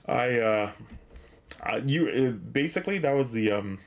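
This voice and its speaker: A man's voice: mid-range voice, animated, takes it slowly, a little hiss or hum. A man streaming a game, chatting casually, rambling with many fillers and restarts, a little out of breath as he thanks viewers and reads chat.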